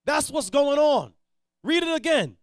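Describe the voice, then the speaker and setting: A man leading a Bible reading and preaching bluntly, dropping to low mutters, then shouting his points. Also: sing-song, unhurried, dry recording, studio quality. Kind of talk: street-style Bible teaching.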